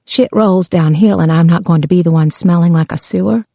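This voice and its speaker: A woman reading a timid, frightened captive woman who speaks in a hushed, pleading way. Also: on the low side, a little fast, creaky, no echo. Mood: fearful. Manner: hushed, fearful.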